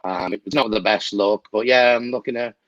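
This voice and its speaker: A man's voice: on the low side, fairly quick, fairly bright tone, no echo, lo-fi sound. A man chatting casually as a guest on a video call, laughing often. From England. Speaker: guest travel agent.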